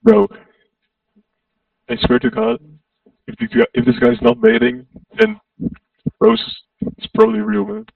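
Blunt, slangy man, very gravelly high voice, muffled and distant voice chat. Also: flat delivery, measured pace, pauses often, no echo. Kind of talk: casual voice-chat banter.

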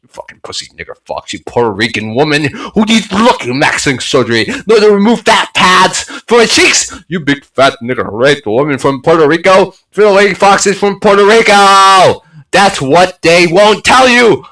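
High, nasal man in a frantic rant. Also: lively intonation, moderate pace, poor audio. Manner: frantic ranting, swinging between mutters and shouted, sobbing outbursts. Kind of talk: unscripted rant monologue.

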